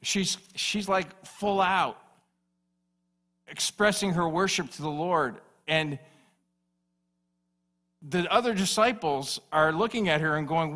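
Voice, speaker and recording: A man delivers a sermon with emphatic, repeated phrases. His voice is bright and forceful, pitched a little high for a man. He preaches as a pastor to his congregation. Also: lively intonation, a little slow, pauses often.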